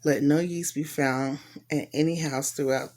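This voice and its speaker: A woman's voice: low voice, steady tone, a little slow, darkish tone. Woman doing a heartfelt bible reading, earnest, repeats herself a lot. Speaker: Bible reader. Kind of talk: devotional reflection and scripture reading.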